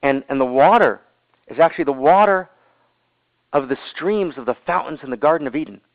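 A man voicing an old Hasidic master in a story, speaking in slow, hushed, awed repetitions. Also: a little high, lively intonation, vocal fry, no echo. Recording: tinny phone-line audio, dry.

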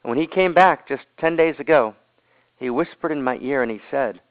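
A man voicing an old Hasidic master in a story, speaking in slow, hushed, awed repetitions. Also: medium pitch, dry recording, close to an everyday voice. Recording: tinny phone-line audio, dry.

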